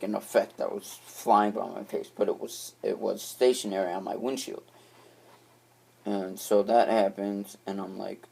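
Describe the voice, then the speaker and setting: A man's voice: lowish voice, gravelly, a little mellow. A young man telling a long story in a casual, rambling way, restarting phrases and swearing freely. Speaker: vlogger.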